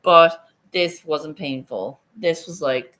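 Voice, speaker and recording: Woman, middle-aged, low-pitched, unhurried, rambling livestream chat, swears casually, phone mic. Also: a bit bright. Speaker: livestream host.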